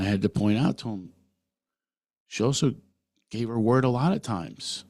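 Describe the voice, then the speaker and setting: A man's voice: mid-range voice, measured pace, pauses often, darkish tone, dry recording. A middle-aged man hosting a podcast, talking earnestly through a personal monologue and putting questions straight to the listener. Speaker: podcast host.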